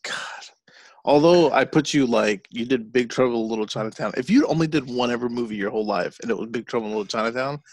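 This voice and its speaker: Here a man co-hosts a podcast, casually chatting about a movie with sarcasm, profanity and jokey asides. He speaks at a quick pace in a mid-range voice with a darkish tone, and the recording has no room sound.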